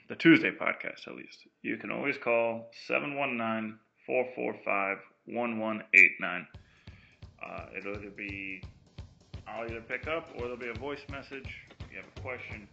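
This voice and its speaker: A man hosting a casual podcast, teasing a caller loudly and joking around. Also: fairly low pitch, gravelly, highs cut off. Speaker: podcast host. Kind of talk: casual podcast chat with prank phone calls.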